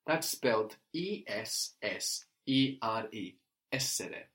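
A man's voice: fairly low pitch, animated, slow pace, a bit bright. Patient male language teacher. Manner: patient, explanatory, often adds a questioning "no?". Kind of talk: spoken language lesson.

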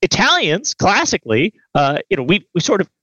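A man co-hosts a political talk show, answering in a dry, deadpan way. His sound is a little muffled and dull, as if on a lo-fi line, with no room echo at all. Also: sits high, a little fast, husky. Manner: dry, deadpan sarcasm and lecturing asides. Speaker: radio co-host. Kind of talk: political debate banter.

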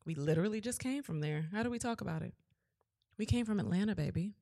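A woman co-hosting a podcast, chatting casually with loud laughs, swearing and teasing. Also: medium pitch, expressive, fast talker, gravelly. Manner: loud, laughing, profane banter. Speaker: podcast co-host. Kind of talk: casual chat.

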